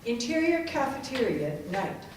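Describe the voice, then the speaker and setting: A woman's voice: high-pitched, big pitch swings, moderate pace, a little hiss or hum. A woman narrating and reading stage directions in a matter-of-fact way, recorded echoey and from a distance. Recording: echoey room from far off.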